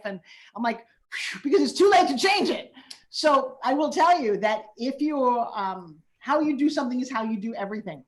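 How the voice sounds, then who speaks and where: A woman in her fifties hosts a casual conversation, telling stories with lively delivery and acted-out quotes. Her voice sits a little high. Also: moderate pace. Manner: animated storyteller who acts out quotes. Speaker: host. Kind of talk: casual chat.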